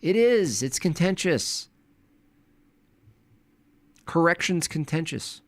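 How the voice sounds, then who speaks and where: A man in a livestream commentary, irritated and mocking, who slips into soft put-on voices to mimic people. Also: on the high side, sing-song, takes it slowly, no echo.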